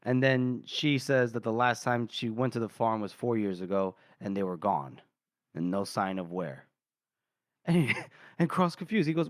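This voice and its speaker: Animated man retelling a story. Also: medium pitch, moderate pace, no echo, studio quality. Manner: animated retelling, acts out character lines, laughs often. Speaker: podcast co-host. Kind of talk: casual book discussion, retelling scenes.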